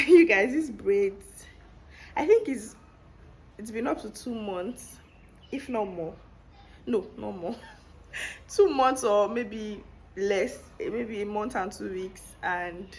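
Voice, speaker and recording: A woman with a Nigerian accent, talking to camera in a chatty vlog, animated and laughing often as she tells a story, recorded at home on a clip-on mic. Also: mid-range voice, a little hiss or hum. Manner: animated, laughs often, talks with lively emphasis. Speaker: vlogger. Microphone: clip-on microphone.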